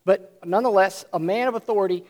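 A high-pitched man delivers an earnest sermon. He reads passages of scripture and then explains them, drawing out key words and lifting his voice to drive them home. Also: darkish tone. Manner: earnest preaching, slows and swells for emphasis. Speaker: preacher.

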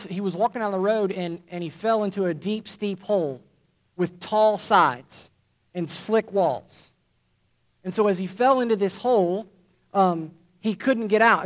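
A man preacher delivering a sermon to a congregation, emphatic and deliberate, repeating key phrases for weight. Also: high-pitched. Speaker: pastor. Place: church congregation.

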